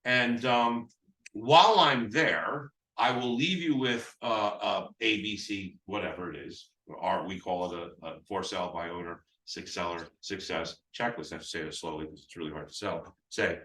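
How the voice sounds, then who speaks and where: A man's voice: lowish voice, normal speed, bright, forceful tone. A man teaching real estate agents phone scripts, rambling with restarts as he acts out both sides. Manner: rambling, many restarts, acts out seller dialogue. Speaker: real estate sales trainer. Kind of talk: live sales training talk with role-play. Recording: echoey room, mic at a distance.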